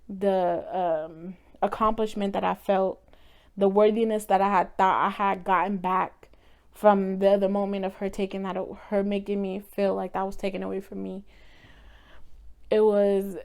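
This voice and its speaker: A woman's voice: medium pitch, darkish tone, clean tone. A young woman vlogger telling a painful personal story in a candid, emotional way, sometimes swearing.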